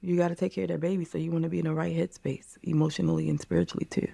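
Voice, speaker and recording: A woman's voice: low-pitched, level tone, very fast, vocal fry, mellow. A woman in her thirties, a podcast guest talking candidly and earnestly about hard years, often repeating phrases. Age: 30s. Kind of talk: candid interview.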